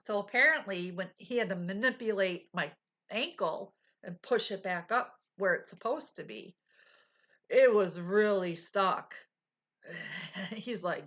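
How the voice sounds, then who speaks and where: A woman's voice: medium pitch, slow, muffled recording. A woman in her forties telling viewers a personal story in casual talk, acting out what people said and dropping into whispers. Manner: animated retelling, acting out quotes, drops to whispers. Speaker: vlogger.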